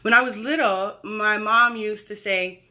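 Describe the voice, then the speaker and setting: A woman's voice: medium pitch, fairly even intonation, measured pace, sharp tone. A woman in her forties hosting a casual chat, talking in a chatty, rambling way and interrupting herself. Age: 40s. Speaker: host.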